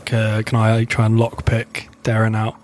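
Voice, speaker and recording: A man's voice: fairly low pitch, monotone, a little slow, darkish tone, a little hiss or hum. A man playing in a tabletop game, playful and joking in casual talk. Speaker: player.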